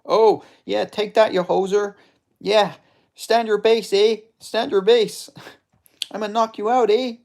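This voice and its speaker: A man's voice: high voice, steady tone, slow, vocal fry, voice pushed up, heavily acted. A man voicing a brash, trash-talking Canadian fighter with a put-on Alberta accent, taunting and tacking 'eh' onto his lines. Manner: taunting, shouty, ends lines with 'eh' and 'hoser'.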